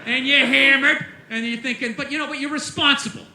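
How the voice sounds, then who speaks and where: Guy doing standup, high sharp voice, cussing a lot and yelling, echoey sound. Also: steady tone, a little fast, creaky. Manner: profane, exasperated, bursts into shouting. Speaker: stand-up comedian. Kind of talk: stand-up comedy rant.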